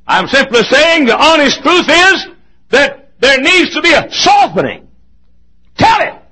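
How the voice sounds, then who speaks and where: A man preaching a sermon as a pastor, impassioned, joking now and then, dropping from shouts to near whispers. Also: very high voice, sing-song, unhurried, poor audio. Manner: joking asides.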